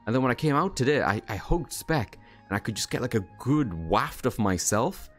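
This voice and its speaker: A man's voice: mid-range voice, very animated, moderate pace, faint music behind. A man streaming a game, chatting casually with viewers in a rambling, jokey, self-deprecating way. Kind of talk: casual livestream chat.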